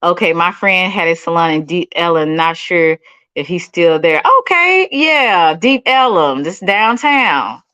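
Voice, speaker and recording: Her pitch sits on the low side and she takes her time, with a slightly bright, clean tone. This Dallas livestream host, a middle-aged woman with a Texan accent, sassily chats through viewer comments and calls people honey and baby, all on a dry, dull-sounding recording.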